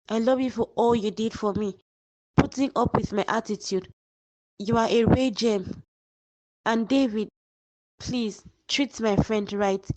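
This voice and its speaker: A woman's voice: fairly high pitch, darkish tone, no room sound, natural voice, low-quality recording. A woman voicing a dying young woman in a cartoon drama, weak and remorseful, speaking faintly. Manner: faint, slow farewells.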